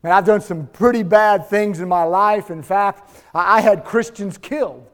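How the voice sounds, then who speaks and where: Earnest jailed apostle, high voice, confessing to a jailer, a preacher doing him. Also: male voice, normal speed, close to an everyday voice. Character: the apostle Paul, a jailed man testifying.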